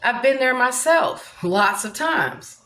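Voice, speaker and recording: A woman's voice: high voice, lively intonation, slow, a bit bright, roomy sound. A woman vlogging in a rambling monologue, brash and profane, swaggering as she talks.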